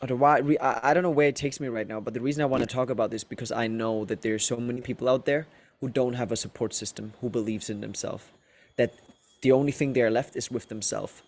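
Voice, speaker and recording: A man's voice: medium pitch, fairly even intonation, fast talker. Earnest male podcast host. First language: German. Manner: earnest, searching, heavy use of filler words. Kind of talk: casual interview on a call.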